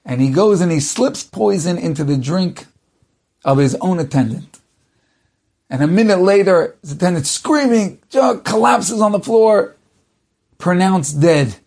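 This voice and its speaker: A man telling a religious story dramatically, with animated shifts of pace. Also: sits high, unhurried.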